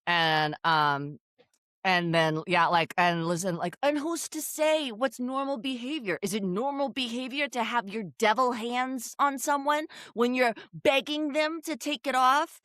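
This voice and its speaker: A woman co-hosting a casual recap podcast, telling the story in an animated way and acting out quotes with frequent laughter. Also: on the high side, unhurried, no room sound, studio quality. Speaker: podcast co-host.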